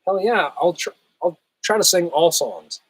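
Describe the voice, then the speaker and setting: A man hosting a casual livestream, reading chat and answering viewers, his voice still rough as he recovers from a cold. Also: fairly high pitch, very animated, moderate pace, fairly bright tone, dry recording, poor audio. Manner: laid-back, chatty, laughs often, says "hell yeah".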